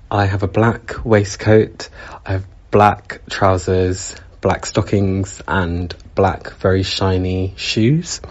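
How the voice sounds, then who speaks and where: A male stage actor calmly lists his costumes, slow and full of small fillers. His voice is husky, and the recording sounds dull and lo-fi. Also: fairly low pitch. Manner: unhurried, with many fillers. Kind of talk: introducing his costumes to an audience.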